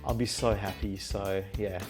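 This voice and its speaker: A man with an Australian accent, a life coach telling his story in a casual interview, animated and laughing often as he acts out what people said. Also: lowish voice, normal speed, over music. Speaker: guest, mindset and life coach.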